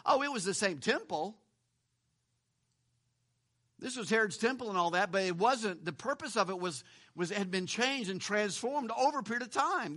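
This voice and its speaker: A man's voice: high-pitched, sharp tone. A man pastor preaching a sermon in a conversational way, repeating words and asking rhetorical questions.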